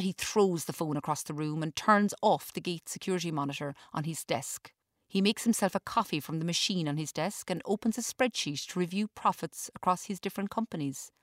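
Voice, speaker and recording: A woman reading her own story aloud in a measured narrating style. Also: fairly low pitch, no echo, clean studio sound.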